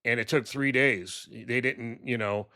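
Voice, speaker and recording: Male vlogger venting political commentary: exasperated, scornful, swearing, halting with fillers, mid-range voice. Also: medium pitch, steady tone, pushed and bright. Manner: exasperated, mocking, swears, many ums and restarts. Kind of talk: ranting political commentary vlog.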